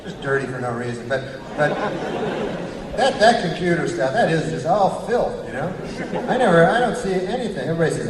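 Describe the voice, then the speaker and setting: A man's voice: a little high, very animated, quick pace, distant mic, background noise. A man doing a rambling stand-up set, often giggling at his own lines. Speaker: stand-up comedian. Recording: roomy hall, from afar, loud crowd.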